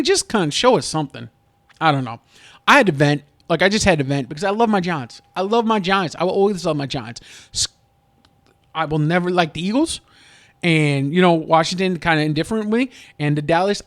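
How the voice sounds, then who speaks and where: A man's voice: a little high, expressive, a little fast, a bit bright. A man venting in a casual sports vlog, rambling and frustrated, with many restarts. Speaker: sports fan vlogger.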